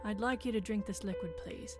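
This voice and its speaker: An actress voicing a calm hospital nurse in a game, speaking slowly and soothingly. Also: female voice, medium pitch, natural voice. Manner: slow, soothing and coaxing. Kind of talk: game voice acting. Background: game music.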